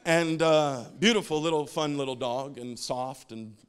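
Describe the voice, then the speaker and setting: A male pastor in his thirties delivers a relaxed sermon, slipping into humorous stories about his family and chuckling at his own punchlines. His voice sits a little higher than most men's. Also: unhurried, clean tone. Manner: jokey storytelling, laughs at his own stories.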